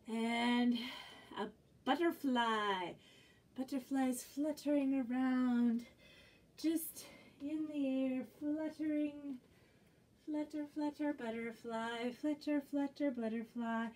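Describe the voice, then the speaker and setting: A woman children's librarian leads a music and movement class, calling out animals and chanting action rhymes in a cheerful sing-song. Her voice sits a little high and she takes it slowly. She is set back from the microphone, so she sounds a bit distant. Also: darkish tone. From Canada. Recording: distant from the mic.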